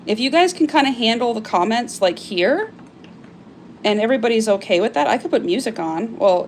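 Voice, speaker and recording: A woman's voice: fairly high pitch, animated, brisk, a little hiss or hum. A woman hosting a casual live-stream sale, chatty and gushing as she shows off items, with frequent fillers. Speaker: live-stream seller of crystal carvings.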